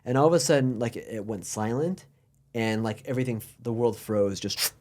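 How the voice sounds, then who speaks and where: A man's voice: mid-range voice, fairly quick. Chatty American man hosting a podcast. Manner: animated storyteller, many fillers and restarts. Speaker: podcast host. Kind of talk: casual podcast chat.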